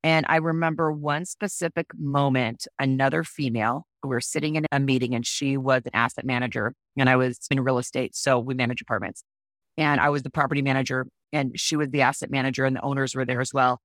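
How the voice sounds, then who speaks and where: Frank, expressive woman telling stories. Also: rumbling low, fairly quick, dry recording, clean studio sound. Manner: expressive, frank, acts out quoted voices. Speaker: podcast guest. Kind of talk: candid podcast storytelling.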